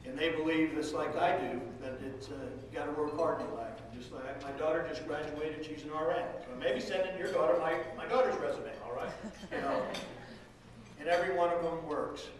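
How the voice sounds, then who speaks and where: A man's voice: on the high side, fairly quick, background noise. A middle-aged man giving a folksy, rousing political rally speech as a state legislative leader, heard from some distance in a large room. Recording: echoey hall, far from the mic.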